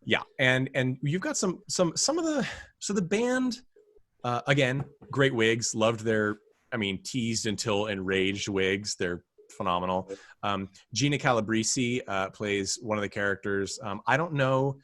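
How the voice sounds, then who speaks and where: A man's voice: fairly low pitch, lively intonation, measured pace, fairly bright tone. A man co-hosting a film podcast, chatting casually and rambling with wry asides and frequent restarts. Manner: rambling, self-interrupting, wry. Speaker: podcast co-host. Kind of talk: casual film review chat.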